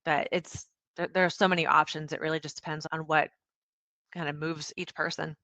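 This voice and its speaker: Her voice is deep and her pace brisk, with no room sound on the recording. She's a founder and CEO being interviewed on a podcast, talking casually and animatedly acting out quoted lines.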